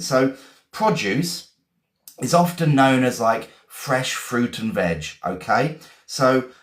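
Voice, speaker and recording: Encouraging male teacher, echoey room. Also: medium pitch. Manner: encouraging, reads out viewers' sentences. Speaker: English teacher. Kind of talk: live-stream vocabulary lesson.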